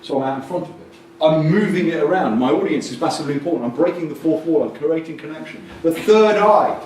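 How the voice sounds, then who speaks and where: A man giving a jokey, animated talk at a coaching conference and acting out quotes in different voices. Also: on the high side, quick pace, a little hiss or hum. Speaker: conference speaker. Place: conference hall with audience. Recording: distant mic in an echoey hall.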